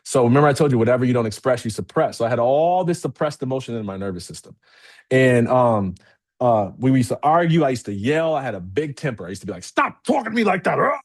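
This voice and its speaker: A man giving a motivational talk as keynote speaker to a live audience, candid and energetic, often checking in with "okay?". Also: mid-range voice, fast talker. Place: event room with a live audience.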